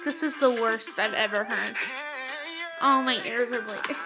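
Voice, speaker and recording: A woman's voice: on the high side, moderate pace, loud music behind the voice. A woman co-hosting a casual podcast chat, brash, swearing freely and laughing often. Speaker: podcast co-host.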